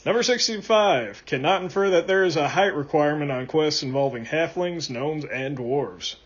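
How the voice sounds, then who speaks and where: A man reading out a comedic list in a deadpan way, his voice rising on each number and dropping low at each punchline. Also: normal speed, breathy edge, lo-fi sound. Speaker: list reader.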